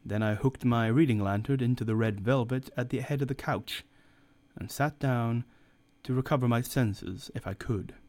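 A man reading a story aloud as narrator, steady and measured. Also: mid-range voice. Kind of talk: audiobook reading.

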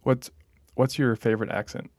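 A man's voice: mid-range voice, flat delivery, moderate pace, a little mellow, no echo. A young man hosting a parish podcast, chatting casually and hesitantly with many fillers. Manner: hesitant, lots of "um" and "like". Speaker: podcast host and parish staff. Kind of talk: casual chat.

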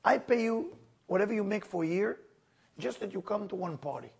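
A man voicing a wealthy male patron in a story, coaxing and persuasive, in a gravelly high voice. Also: lively intonation, brisk, darkish tone, exaggerated voice.

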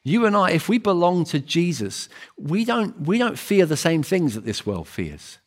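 A man's voice: on the high side, very animated, normal speed. A man preaching a sermon in an earnest, emphatic way, often repeating phrases and restarting words.

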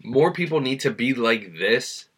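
A man co-hosting a podcast in casual chat, animated and quick to react with exclamations. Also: mid-range voice, slight background noise. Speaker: podcast co-host.

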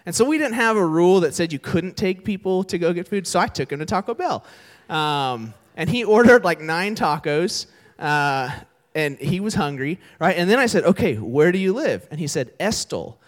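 Young male preacher, conversational storyteller, fairly high voice with a very animated pitch. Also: moderate pace. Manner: casual, chatty, addresses crowd directly. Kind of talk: sermon with storytelling. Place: church service before an audience.

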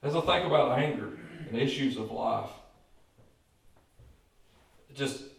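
Folksy pastor in an echoey church. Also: male voice, mid-range voice, unhurried, gravelly. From Kentucky. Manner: folksy, joking, repeats words, calls for amens. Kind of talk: lively preaching sermon. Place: church sanctuary. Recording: very echoey church, voice far from mic.

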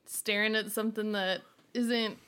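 A woman's voice: mid-range voice, a little slow, a bit bright. A woman talks plainly and directly in loose podcast chat. Her voice turns emphatic when she quotes herself. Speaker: podcast co-host. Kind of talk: casual banter.

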